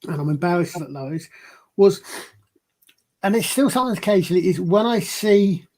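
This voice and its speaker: A man with a broad Glasgow accent and a high voice chats on a panel. He talks hesitantly and often restarts his sentences. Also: moderate pace, darkish tone. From Scotland. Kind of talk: casual panel chat.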